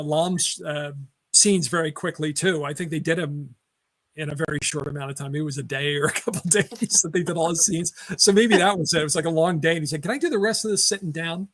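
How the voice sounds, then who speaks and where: A man's voice: a little high, fairly quick, fairly bright tone. A man hosting a casual film discussion, rambling through film trivia with many fillers and restarts. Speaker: podcast host.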